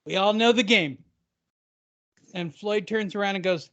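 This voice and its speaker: A man's voice: high-pitched, normal speed, fairly bright tone, dry recording, muffled recording. A man co-hosting a boxing podcast, joking casually and spinning silly hypothetical fight scenarios. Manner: playful, spins silly hypotheticals. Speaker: podcast co-host.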